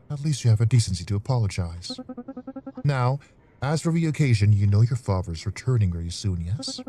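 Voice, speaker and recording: A man's voice: on the low side, lively intonation, moderate pace, warm tone, faint music behind. A man reading the lines of a stern aristocratic mother who scolds her son in formal speech. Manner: formal, chiding.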